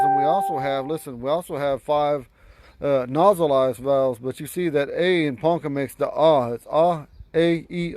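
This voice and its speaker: A man's voice: fairly high pitch, a little mellow, a little hiss or hum, rough recording. Rambling man teaching a language. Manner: rambling, repeats and corrects himself, greets viewers mid-lesson. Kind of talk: casual spoken lesson.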